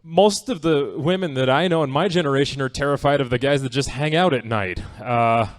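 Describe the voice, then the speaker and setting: A man's voice: mid-range voice, brisk. A man doing a stand-up comedy set on a theatre stage. He talks in a loose, wry, conversational way and often checks in with the crowd. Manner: conversational, wry, asks the audience "right?".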